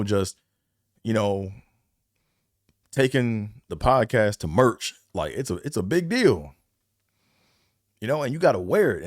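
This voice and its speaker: A man's voice: medium pitch, dry recording, clean studio sound. A man hosting his own podcast, talking casually and rambling in slangy bursts, often repeating himself. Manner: slangy and conversational. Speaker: podcast host. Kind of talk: casual solo podcast talk.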